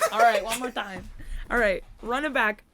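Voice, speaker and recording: A young woman from New Jersey jokes her way through a casual chat. Her voice sits a little high, and she keeps poking fun at herself with playful asides. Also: a little slow, a crowd in the background. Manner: joking, self-deprecating, playful asides. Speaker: podcast co-host.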